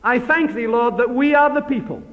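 A man preaching voices a smug, self-righteous Pharisee praying aloud, pompous and climbing in pitch. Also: moderate pace, lo-fi sound. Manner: pompous, rising self-congratulation. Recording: long hall reverb.

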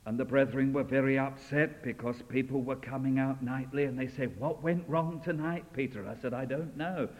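A man preaching a sermon with fervent delivery, swinging from loud declarations to hushed, intimate lines. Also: mid-range voice. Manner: fervent, rising and falling dramatically. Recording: dull sound in a long reverberant hall.

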